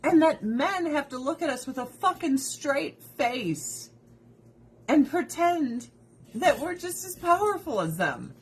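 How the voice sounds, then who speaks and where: A woman's voice: high-pitched, very animated, takes it slowly. Blunt, cursing woman ranting. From United States. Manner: blunt, profane, opinionated ranting. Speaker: livestream host. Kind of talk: casual livestream chat. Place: at home with pets.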